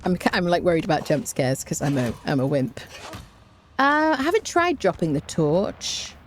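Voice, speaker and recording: A woman's voice: on the low side, sing-song, normal speed, slight background noise. A woman giving rambling, casual commentary while streaming a game, full of fillers and restarts.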